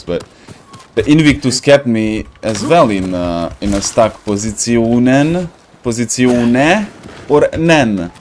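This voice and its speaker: A man's voice: mid-range voice, a little mellow, slight background noise. Laughing man rambling over a game. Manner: laughs often, rambling and joking, searches for words. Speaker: gaming streamer. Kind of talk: casual gameplay commentary.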